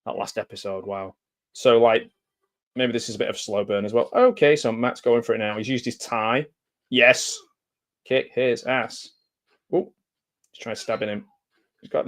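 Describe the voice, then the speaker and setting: Speaking in a mid-range voice, a man hosts a live watch-along of a TV episode, keeping up a chatty, jokey reaction track full of excited bursts and laughs.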